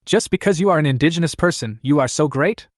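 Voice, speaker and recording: A stern middle-aged mother, put on by a man, sarcastic and pointed. She is pitched high with a dry, close sound. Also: expressive, fast talker, no echo, natural voice.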